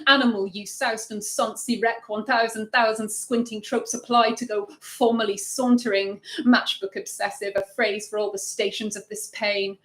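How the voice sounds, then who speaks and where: A poet, a woman, reading her own work aloud at a live launch, dropping low and quiet then lifting loud. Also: fairly even intonation, normal speed, few pauses.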